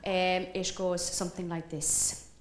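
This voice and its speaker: A woman's voice: fairly low pitch, a little slow, echoey room, a little hiss or hum. Brash woman's stage patter. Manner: brash, boastful, deadpan asides. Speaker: comedy singer on stage.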